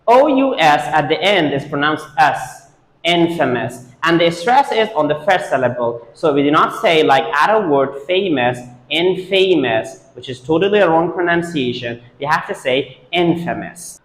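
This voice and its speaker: A man teaching English pronunciation, whose first language is Persian, drilling each word slowly and repeating it several times. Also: on the high side, expressive, a bit bright. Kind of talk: pronunciation lesson. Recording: echoey room with long reverb.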